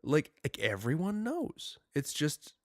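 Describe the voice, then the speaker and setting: A young man co-hosting a podcast in casual chat, rambling and animated with lots of filler words. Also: a little high, takes it slowly, dry recording, studio quality. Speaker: podcast co-host.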